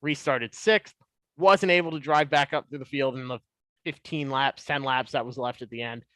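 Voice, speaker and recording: A man in his twenties, a podcast guest, telling stories in a casual, animated way. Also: mid-range voice, moderate pace, no room sound. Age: 20s. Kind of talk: casual storytelling.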